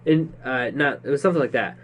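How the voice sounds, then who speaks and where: A young man co-hosting a podcast, chatty and quick to laugh about movies. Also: medium pitch. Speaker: podcast co-host. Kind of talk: casual chat.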